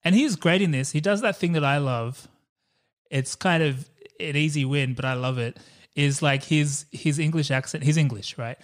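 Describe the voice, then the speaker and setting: A man's voice: on the high side, normal speed. Enthusiastic man chatting about movies. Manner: enthusiastic, laughs often, swears casually. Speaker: podcast co-host. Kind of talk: casual movie chat.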